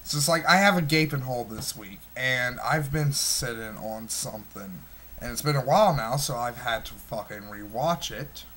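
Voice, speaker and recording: A man's voice: mid-range voice, moderate pace, pushed and bright. A man in his twenties reviewing a movie in an agitated, heavily profane rant, full of stumbling restarts. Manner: smoking while talking.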